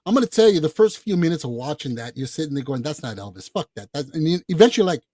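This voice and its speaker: A man co-hosting a podcast, talking casually about films in a blunt, profane, animated way. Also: on the high side, rapid-fire, no echo. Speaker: podcast co-host. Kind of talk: casual film chat.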